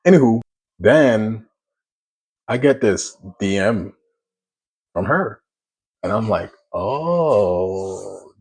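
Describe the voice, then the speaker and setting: Low-voiced guy in his 30s telling his own story, lots of um and you know, slow and reflective. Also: slightly rough. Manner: conversational, many fillers and restarts, slow reflective pauses. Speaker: single dad sharing his testimony. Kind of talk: casual personal storytelling.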